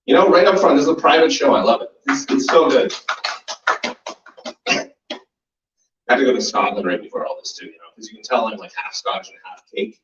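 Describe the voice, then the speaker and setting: A man's voice: medium pitch, fairly quick, long pauses, a little hiss or hum. A man in his forties doing a profane stand-up set, with laugh and voice impressions. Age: 40s. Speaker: stand-up comedian. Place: small comedy club basement. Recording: roomy, distant, muffled live recording.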